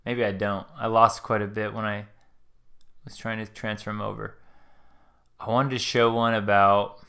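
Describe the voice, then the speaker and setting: A man's voice: lowish voice, level tone, normal speed, sharp tone. A man hosting a live stream, talking casually and earnestly as he reacts to a video clip, rambling and trailing off. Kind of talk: casual commentary.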